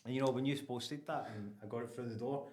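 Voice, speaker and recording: A man with an Ayrshire Scottish accent hosting a casual podcast chat, animated and laughing often. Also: mid-range voice, quick pace, echoey room. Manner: animated, laughs often, restarts, Scots words like aye and wee. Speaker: podcast host.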